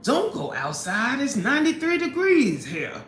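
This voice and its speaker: A woman's voice: sits high, huge pitch swings, unhurried, fairly bright tone. A woman hosting a casual live stream, chatting and greeting viewers, laughing often, indoors at her workplace. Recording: roomy echo, faint background noise.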